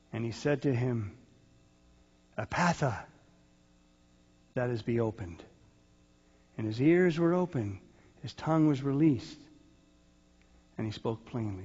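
A man's voice: medium pitch, highs cut off. Man preaching in a reverberant hall. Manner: expressive preaching with sudden loud rises and soft sighing drops. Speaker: pastor. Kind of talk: sermon.

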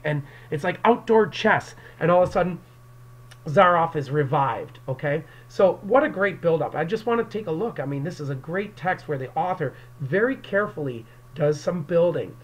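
A male English teacher records a lesson for his class, speaking into an external microphone. His voice sits a little high, and he explains each turn of the plot directly to the students. He breaks into the characters' lines as he reads them. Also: expressive, moderate pace, slightly rough, rough recording. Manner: explanatory, addresses students directly, acts out quotes. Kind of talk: classroom lecture video.

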